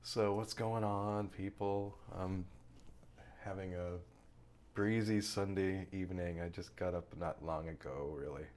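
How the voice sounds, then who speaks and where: A man's voice: low voice, fairly even intonation, unhurried, a little mellow, a little hiss or hum. A man casually chatting on a live coding stream in a put-on vague foreign accent, rambling with lots of fillers. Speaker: firmware developer streaming his coding work.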